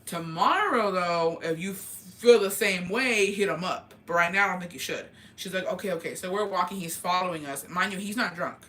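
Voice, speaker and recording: A young woman vlogger telling a casual storytime gossip tale, animated and profane, acting out the dialogue she quotes. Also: fairly low pitch, moderate pace, hardly any pauses.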